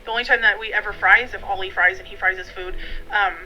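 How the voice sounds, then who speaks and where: A woman's voice: medium pitch, fairly even intonation, fast, dull audio, a little hiss or hum. A woman vlogging from her dining room at home, talking in a rambling, friendly way with many fillers. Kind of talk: casual chatty vlog.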